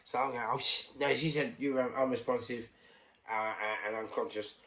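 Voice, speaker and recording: A middle-aged man with a London accent, telling his own story casually, repeating phrases and swinging between hushed and loud. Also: medium pitch, fairly even intonation, normal speed. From England.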